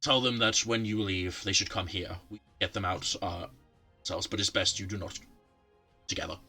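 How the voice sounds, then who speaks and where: A man's voice: deep voice, fairly even intonation, moderate pace, pushed and bright, faint music behind, exaggerated voice. A man voicing a secretive guild leader in a tabletop game, stumbling over his words. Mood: stern.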